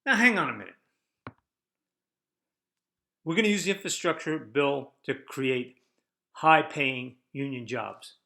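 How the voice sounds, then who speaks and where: A man's voice: mid-range voice, moderate pace, creaky. Brash older male podcast host. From United States. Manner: combative, rhetorical, lively ups and downs. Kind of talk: opinion podcast monologue.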